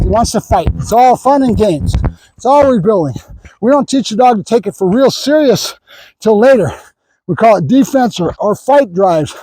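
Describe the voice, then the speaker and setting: High-voiced dog trainer explaining outdoors. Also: male voice, darkish tone, no room sound, rough recording. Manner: praises dog in high sing-song bursts, explains plainly. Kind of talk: casual training demonstration.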